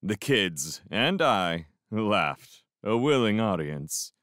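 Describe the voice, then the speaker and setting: A man reading a novel aloud as an expressive first-person fan audiobook narrator. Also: on the low side, takes it slowly, dry recording, studio quality. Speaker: audiobook reader.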